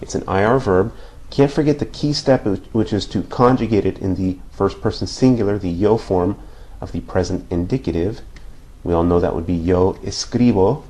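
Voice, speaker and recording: At normal speed, with a low, dark-toned voice, a man works through Spanish grammar at a whiteboard. He is patient, goes over points again, and asks listeners "okay?" after each explanation.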